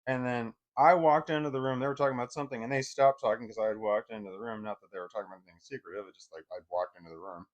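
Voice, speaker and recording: A man's voice: medium pitch, fairly even intonation, rapid-fire, few pauses, lo-fi sound. A man telling a personal story in a casual, rambling way, full of fillers and repeating himself.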